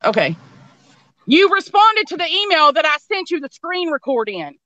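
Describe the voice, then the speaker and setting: A woman's voice: very high voice, sing-song, normal speed, pushed and bright, no echo, highs cut off. A woman in casual chat, ranting angrily and swearing constantly. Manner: angry, profane ranting.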